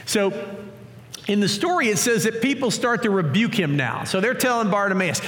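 A male pastor preaching a sermon in a lively, story-acting way, recorded in a church. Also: high voice, moderate pace, a little hiss or hum. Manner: animated, acts out scripture stories. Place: church auditorium. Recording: long church hall reverb.

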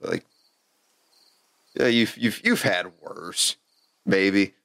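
A man runs a tabletop game as its game master, calling for dice rolls and describing the scene. His voice sits low, and the sound is dry and close. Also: very slow, vocal fry, fairly bright tone, no echo.

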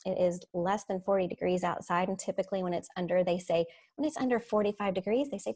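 A woman teacher telling classroom stories in a casual, animated way, laughing as she goes. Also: on the low side, fast talker, few pauses. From Florida. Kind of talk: casual storytelling on a podcast.

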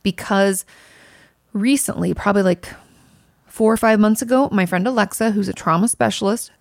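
A woman's voice: medium pitch, normal speed, creaky, no room sound, clean studio sound. A woman in her thirties casually answering viewer questions, earnest and emphatic, with lots of fillers. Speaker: mental health creator answering viewer questions. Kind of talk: casual Q&A monologue.

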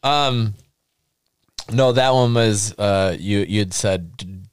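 A man telling a story in casual chat, animated, laughing often and acting out quotes. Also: on the low side, slow pace, clean tone, no echo, clean studio sound. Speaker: podcast guest storyteller.

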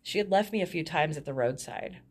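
A woman with a low voice tells her own story as a guest, frank and unguarded. She slips small laughs into her sentences even while describing hard times. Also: fairly quick, breathy edge. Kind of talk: candid personal storytelling.

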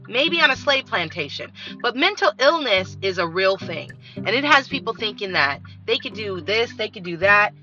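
A woman hosts a podcast in a blunt, profane monologue full of animated storytelling. Her voice is sharp and very bright. The recording is dull and lo-fi, with faint music underneath. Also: mid-range voice. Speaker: podcast host.

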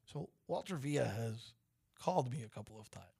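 Animated man hosting morning radio. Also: mid-range voice, fairly quick, vocal fry, husky. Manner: animated, playful, teasing. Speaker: radio show host. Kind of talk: casual radio banter.

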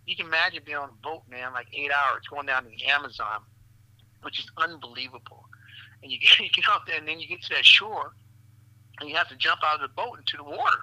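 A man with a forceful, sharp-edged voice pitched somewhat high spins an animated story as a doctor on a podcast. He swears freely, laughs as he talks, and drops "man" and "brother" into nearly every phrase. The recording is dry and close. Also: brisk, no room sound, low-quality recording. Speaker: physician guest.

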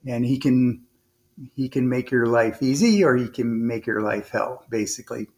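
Rambling former naval officer telling a story. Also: male voice, mid-range voice, normal speed. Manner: rambling, frequent restarts and fillers; earnest, animated retelling with quoted dialogue. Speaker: podcast guest. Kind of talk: conversational storytelling.

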